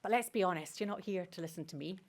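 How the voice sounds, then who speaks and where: A woman giving a prepared welcome speech to an audience, measured and formal with gentle emphasis. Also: fairly low pitch. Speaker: organisation representative giving opening remarks. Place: conference room with live audience.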